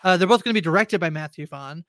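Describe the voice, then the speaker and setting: Male podcast co-host, high bright voice, dry close sound, rambling casual movie talk. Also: no echo. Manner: rambling, quick to laugh, lists names.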